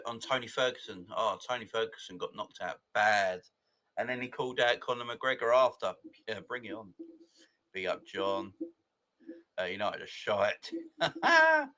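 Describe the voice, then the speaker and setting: A man's voice: fairly low pitch, sharp tone. A man, hosting a casual live fan chat, greeting viewers by name and laughing often. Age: 40s. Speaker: football fan channel host.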